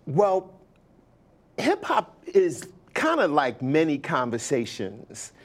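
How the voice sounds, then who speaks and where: An older man from New York, a guest telling stories in a relaxed conversation, animated and quoting others with lively bursts. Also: a little high, takes it slowly. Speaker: interview guest, hip hop pioneer. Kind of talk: conversational storytelling.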